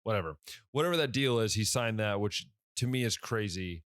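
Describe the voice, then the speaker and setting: A man's voice: lowish voice, animated, fairly quick, fairly bright tone, no echo, clean studio sound. A sleepy young man hosting a casual sports podcast on his own, yawning and rambling through his thoughts with lots of fillers and restarts. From Ohio. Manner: rambling, self-correcting, many fillers. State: tired, yawning. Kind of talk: casual solo podcast talk.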